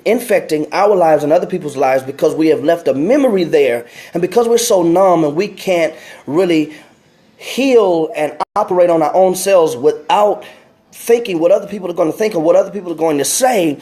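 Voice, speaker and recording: Earnest guy streaming life advice, mellow tone, repeats himself a lot, shouts out viewers. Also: a little high. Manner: earnest, repeats phrases, many restarts; greets viewers by name mid-talk. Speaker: speaker giving life advice. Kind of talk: casual motivational talk.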